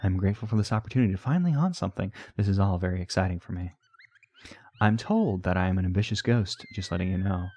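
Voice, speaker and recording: A man reading the lines of an eager, ambitious female ghost program in a plain, flat voice. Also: low-pitched, fast talker, a little hiss or hum.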